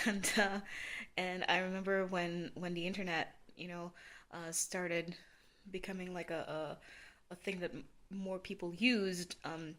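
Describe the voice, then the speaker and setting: A woman's voice: fairly low pitch, pushed and bright. A Norwegian woman in her thirties, a native Norwegian speaker with a learned General American accent, rambling casually and hesitantly with many ums and restarts. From Norway. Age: 30s. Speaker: vlogger.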